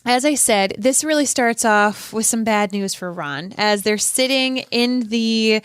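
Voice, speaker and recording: A woman's voice: a little high, a little slow, clean tone, no echo, studio quality. A woman co-hosting a podcast in casual chat, chatty and laughing often, sometimes acting out lines. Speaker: podcast co-host.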